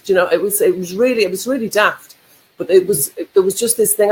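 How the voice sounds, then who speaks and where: A woman's voice: mid-range voice, fast talker, low-quality recording. A woman co-hosting a casual live chat, who reflects and explains ideas through examples. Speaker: co-host, life coach.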